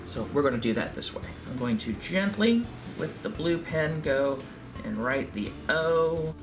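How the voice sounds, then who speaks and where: Calm man teaching a craft. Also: a little high, unhurried, music in the background. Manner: calm, explanatory, step-by-step. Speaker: library craft instructor. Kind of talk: craft tutorial.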